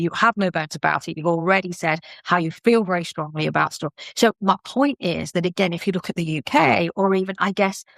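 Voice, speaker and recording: A woman's voice: lowish voice, no echo. A British woman hosting a podcast, chatty and curious as she questions her guest. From United Kingdom. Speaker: podcast host. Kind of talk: podcast interview.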